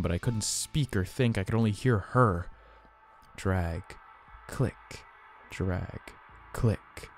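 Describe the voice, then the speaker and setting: A man narrating a first-person horror story in a tense, hushed storytelling manner. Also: lowish voice, a little hiss or hum.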